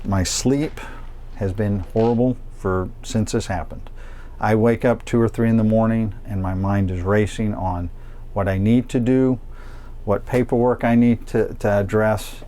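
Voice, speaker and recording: Fire chief guy, kinda low mellow voice, halting, lots of uh and pauses. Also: fairly even intonation. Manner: halting, with many pauses and fillers. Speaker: fire department battalion chief. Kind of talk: interview.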